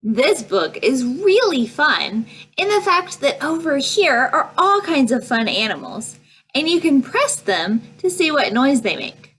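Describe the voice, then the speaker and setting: A woman librarian reading picture books aloud at a preschool storytime, slow and sing-song, breaking into animal noises. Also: high-pitched, big pitch swings, fairly bright tone. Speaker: children's librarian.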